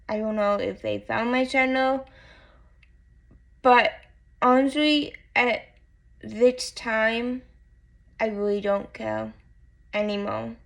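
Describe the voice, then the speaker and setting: A woman vlogger talking to camera in casual chat, tearful and halting, often repeating herself. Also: mid-range voice, gravelly, fairly bright tone.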